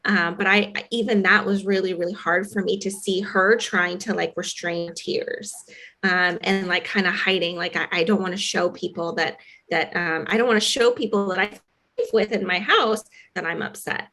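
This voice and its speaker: A woman's voice: on the low side, fairly even intonation, normal speed, bright, forceful tone. A woman podcast host telling a personal story in a reflective, casual way with fillers. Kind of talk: conversational podcast chat.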